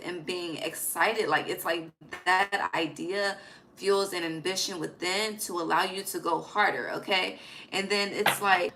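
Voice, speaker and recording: A woman's voice: on the low side, steady tone, a little slow, sharp tone, a little hiss or hum, low-quality recording. A woman giving a casual, emphatic tarot reading, swearing freely and dropping slangy asides. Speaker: tarot reader. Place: home at night.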